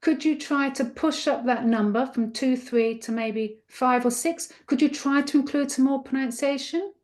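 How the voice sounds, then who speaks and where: Upbeat, encouraging woman trainer, slightly high. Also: moderate pace, darkish tone. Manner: encouraging, chatty and interactive. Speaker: teacher trainer. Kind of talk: live online teacher-training webinar.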